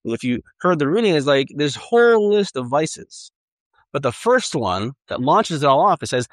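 A man's voice: medium pitch, very animated, moderate pace, no echo. A man preaching a sermon in an earnest, conversational way, often repeating and restarting phrases. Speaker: pastor.

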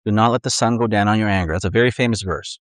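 A man's voice: on the low side, very fast, dry recording, studio quality. A man preaching a conversational sermon, earnest, acting out the inner voices of his listeners.

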